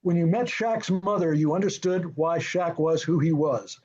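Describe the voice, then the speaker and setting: An older man with a fairly high voice tells stories from a film set, animated and chuckling, slipping into the voices of the people he quotes. The sound is a little dull and lo-fi. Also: moderate pace, slightly rough. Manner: lively, acts out quoted dialogue, chuckles often. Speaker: film and television director, interview guest. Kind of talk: anecdotal storytelling in an interview.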